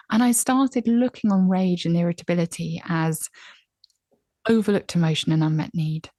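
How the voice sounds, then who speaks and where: A woman's voice: on the low side, moderate pace, vocal fry, no room sound, clean studio sound. A woman guest on an interview podcast, speaking candidly and acting out her own inner voice. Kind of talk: conversational interview. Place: home, on a laptop call.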